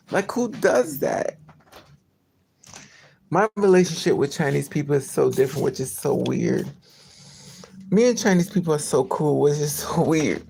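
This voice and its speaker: Gravelly-voiced woman chatting on a live stream. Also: lowish voice, a little mellow, slight background noise. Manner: chatty storytelling, quotes people in raised voices. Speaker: vlogger. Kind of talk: casual live-stream chat. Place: in a car.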